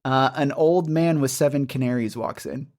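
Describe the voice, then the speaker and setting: A game master narrating a tabletop game in a casual, animated way, with lots of filler words. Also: mid-range voice, normal speed.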